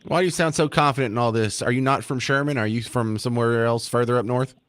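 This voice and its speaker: A man's voice: medium pitch, fairly even intonation, quick pace, a bit bright, clean tone, no room sound. A man hosting a talk radio show, casual and sarcastic, given to self-deprecating jokes.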